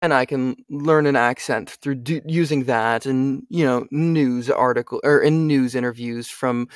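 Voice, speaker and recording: A young male voice actor and audiobook narrator chats casually in an interview, talkative and often asking "you know what I mean?". His mid-range voice is unhurried, and the sound is dry and close.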